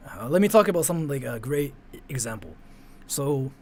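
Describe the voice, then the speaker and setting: A man's voice: medium pitch, animated, normal speed, breathy edge. A young man whose first language is Japanese, chatting casually on a live stream and answering his chat, with a rambling manner that leans hard on "like" and lets phrase ends fade. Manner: rambling, heavy use of "like", trails off quietly at phrase ends.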